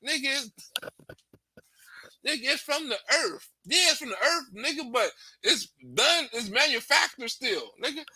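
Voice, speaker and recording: A man rambles through comic stories in a loose, casual stand-up manner, laughing as he goes and jumping into the voices of the people he quotes. His voice sits high and sounds very bright and sharp, and the recording is dry and close with no room sound. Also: lively intonation, moderate pace, slightly rough, dry recording. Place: Hollywood.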